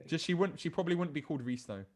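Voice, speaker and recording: A young man with a fairly high voice talks casually as a dating coach. He reads chat messages aloud and stumbles over his words, restarting often. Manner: reads dating app chats aloud, laughs, many restarts.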